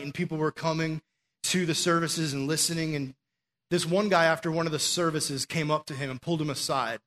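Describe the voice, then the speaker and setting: A man with a voice a touch higher than most delivers a sermon as easygoing storytelling. His talk is loose and chatty, full of "like" and small restarts, more friendly conversation than pulpit oratory. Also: a bit bright. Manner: conversational storytelling with frequent "like" fillers. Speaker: preacher.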